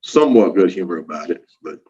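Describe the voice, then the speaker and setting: A man's voice: low voice, lively intonation, fast talker, mellow, breathy edge. A man from Louisiana with a Southern accent, chatting as an interview guest and acting out what people said, laughing often. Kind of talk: casual storytelling. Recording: dull lo-fi audio.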